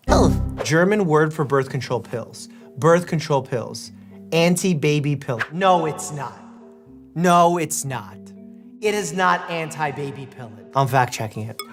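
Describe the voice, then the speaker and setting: A man's voice: a little high, sing-song, slow pace, long pauses, faint music behind. A man in his thirties, a doctor, casually reacting to memes in a playful, jokey way, laughing often and sometimes stopping to explain medical facts. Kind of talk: casual meme reaction commentary.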